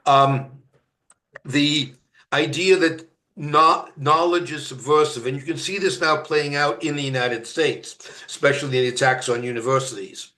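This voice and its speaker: A man from Canada giving a university lecture, halting with many fillers and restarts and stressing each word of a list. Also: fairly high pitch, fairly even intonation, bright, forceful tone, reverberant. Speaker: guest lecturer. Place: lecture room.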